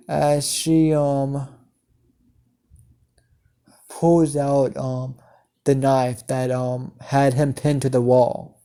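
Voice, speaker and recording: Brief: man telling a story off the cuff, mellow gravelly voice, halting delivery. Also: mid-range voice, little pitch movement. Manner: halting, many fillers and restarts, chained "as she" clauses. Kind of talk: improvised fan-fiction narration.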